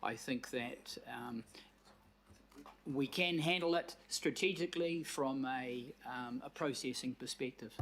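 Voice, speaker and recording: A male councillor with a New Zealand accent makes his case in a council chamber. He talks in a measured way, often pausing on fillers as he searches for words, at a mid-range pitch. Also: gravelly, fairly bright tone. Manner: measured, hesitant with frequent fillers. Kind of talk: council meeting debate speech.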